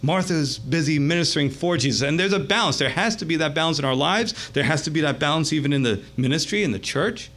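A man pastor gives a sermon in a chatty, animated way. His voice sits a little on the high side. He keeps checking in with the congregation as he goes. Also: quick pace, hardly any pauses. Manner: conversational, animated, addresses listeners as gang.

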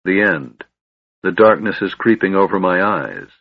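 A man voicing a grumpy, stubborn old male dwarf who is seasick, in a gruff, irritable storybook voice. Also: deep voice, a little slow, dry recording. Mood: grumbling. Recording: slightly dull, dry recording.

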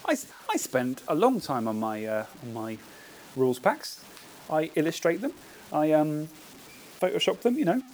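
A podcast host with a somewhat high-pitched voice. He chats casually and reads out a story with playful relish, laughing along as he goes. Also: normal speed, slight background noise, poor audio. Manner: playful, animated storyteller who laughs at his own jokes. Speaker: podcast host, tournament organiser. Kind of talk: casual podcast chat with a read-aloud story.

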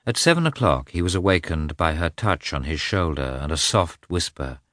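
A man narrating a classic novel aloud in a measured, expressive reading. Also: extremely low pitch, dry recording, clean studio sound. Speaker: audiobook narrator.

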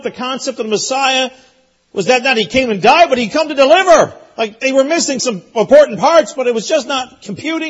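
High husky preacher man, emphatic. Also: highs cut off. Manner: emphatic, repeats phrases, rises to loud peaks. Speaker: pastor. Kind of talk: sermon.

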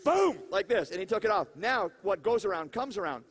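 A high-voiced man preaching a lively sermon. He keeps it conversational, with laughing asides and questions thrown out to the congregation. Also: fairly quick. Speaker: pastor.

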